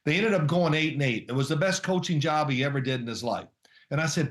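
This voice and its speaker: A man's voice: on the high side, fast, reverberant. An older man, a former quarterback, chatting as a guest in an interview and rambling through anecdotes with chuckles. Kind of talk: casual interview chat.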